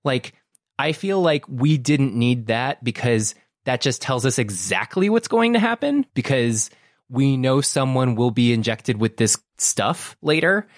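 A man co-hosting a casual film-discussion podcast, talking in an animated, joking way. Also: mid-range voice, unhurried, dry recording, clean studio sound. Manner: animated, joking, mimics characters. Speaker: podcast co-host.

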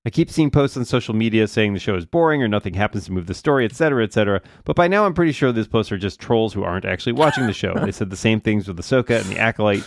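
Fast-talking low-voiced man on a podcast. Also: animated, gravelly, dry recording, studio quality. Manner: reads listener letters aloud, wry asides. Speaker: podcast co-host reading listener mail. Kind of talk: casual podcast chat.

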